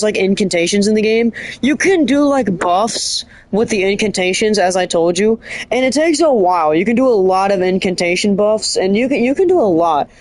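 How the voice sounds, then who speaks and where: A streamer chatting casually about a game in a rambling, excitable way, often restarting and correcting themselves. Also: medium pitch. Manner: animated storytelling with bursts of laughter.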